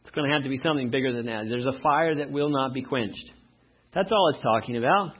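A man preaching a sermon as pastor, reading verses slowly and loudly, then dropping to quiet asides. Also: medium pitch, husky, muffled recording.

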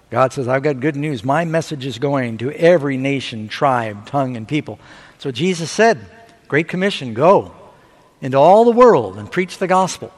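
A man preaching a sermon, telling stories with rising excitement and asking the audience for amens. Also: a little high. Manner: animated storytelling preacher. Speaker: pastor. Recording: long hall reverb.

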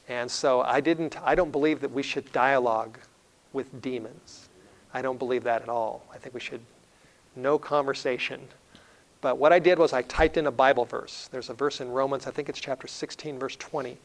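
Gravelly man giving an earnest sermon. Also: medium pitch, low-quality recording. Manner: earnest storytelling with frequent fillers and restarts. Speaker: evangelist speaker. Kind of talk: sermon-style lecture.

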